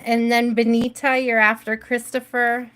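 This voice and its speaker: A woman's voice: fairly high pitch, flat delivery, moderate pace, fairly bright tone, clean tone. Chatty woman hosting a tarot live stream. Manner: chatty, laughs often, talks to viewers by name. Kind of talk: casual live-stream chat.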